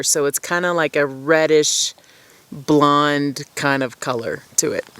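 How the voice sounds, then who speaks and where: A woman's voice: very deep voice, smooth. A woman chatting casually to the camera outdoors at a mountain campsite at dusk, rambling and laughing at herself. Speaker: outdoor vlogger.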